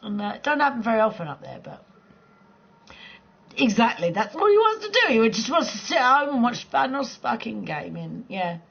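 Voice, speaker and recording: Gravelly woman chatting on stream. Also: on the high side, big pitch swings, normal speed, fairly bright tone, dull audio. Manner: rambling, swears a lot, laughs often. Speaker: live streamer chatting with viewers. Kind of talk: casual chat on a gaming stream.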